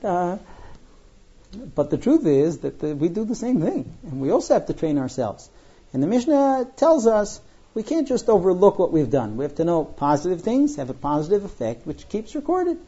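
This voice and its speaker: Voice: mid-range voice, sing-song, moderate pace, dark tone, slightly rough, dull audio. A Torah teacher giving a Mishnah lesson, quoting Hebrew lines, then translating and explaining them through everyday stories. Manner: conversational, with fillers and personal stories.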